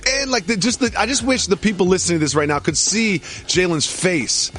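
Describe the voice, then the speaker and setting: A man co-hosting a sports podcast, bantering and ranting with mock outrage. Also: a little fast. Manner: animated, mock-outraged, high-energy ranting. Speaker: podcast co-host.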